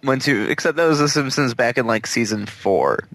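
A man's voice: medium pitch, expressive, normal speed, fairly bright tone, no room sound. A man chatting casually as a podcast co-host, wry and teasing. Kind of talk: casual chat.

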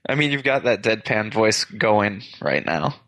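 A man's voice: fairly low pitch, very animated, a little slow, fairly bright tone, no echo. A man hosting a podcast in casual chat, rambling and correcting himself as he talks. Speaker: podcast host.

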